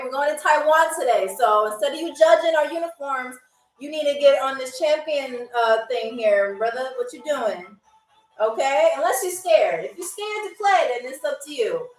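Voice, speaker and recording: A woman hosting a live trivia game show, chatting playfully with commenters and spelling out foreign phrases slowly. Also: high voice, far from the mic. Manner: playful, teasing chat with commenters. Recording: echoey room, away from the mic, faint music.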